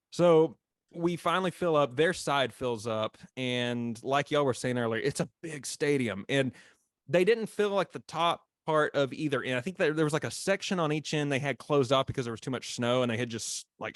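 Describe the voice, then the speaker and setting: A man, a former mascot telling a story on a podcast in a lively, laughing way and acting out what people said. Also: mid-range voice, no room sound, studio quality. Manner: animated, acts out quotes, laughs often.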